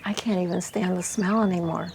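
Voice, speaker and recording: A woman in her eighties, an interview guest speaking earnestly in a casual chat, explaining plainly with soft laughs. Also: fairly low pitch, fairly even intonation, fairly quick, gravelly, slight background noise. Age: 80s.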